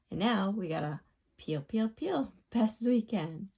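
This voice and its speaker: A woman hosting a children's video, narrating playfully with gasps and wide-eyed excitement to a young viewer. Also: mid-range voice, slow pace, husky. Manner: gasping, wide-eyed excitement, drops to a soft whisper at times. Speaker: children's educational video host.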